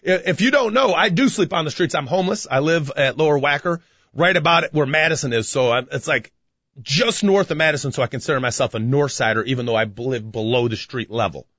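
A man, co-hosting a podcast in a rambling, excitable way, with many restarts and sudden loud bursts. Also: a little high, quick pace, no room sound, lo-fi sound. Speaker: podcast co-host. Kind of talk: casual radio-style chat.

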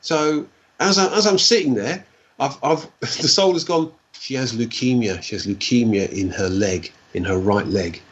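A man tells a personal story in conversation, often stumbling and repeating himself. His voice is husky and sits at an ordinary pitch. The recording sounds dull and lo-fi. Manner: halting, repeats words, fillers like "like, you know". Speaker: guest.

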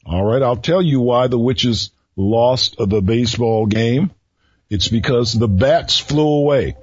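A male radio host speaks slowly in a husky voice, teasing listeners with riddles in a folksy manner. The recording is dry and somewhat dull, like a small radio studio feed. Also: mid-range voice, dry recording. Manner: slow, folksy, teasing delivery. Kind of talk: solo radio talk with riddles.

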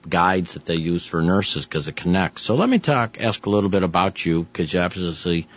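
A man hosting an interview and asking rambling, halting questions. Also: sits low, animated. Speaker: interview host. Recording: dull lo-fi sound.

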